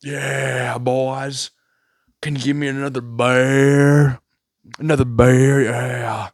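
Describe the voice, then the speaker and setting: A man voicing a boastful wannabe cowboy at a bar, talking in a low, mumbled drawl. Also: little pitch movement, slow pace, no room sound, studio quality.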